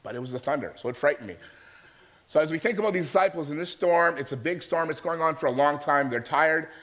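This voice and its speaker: Male pastor, slightly higher voice. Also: quick pace, a bit bright. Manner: conversational storytelling, checking in with listeners. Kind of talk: sermon.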